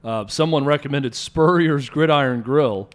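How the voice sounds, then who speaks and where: A man's voice: medium pitch, normal speed. A man co-hosting a sports talk show, opinionated and often restarting his sentences.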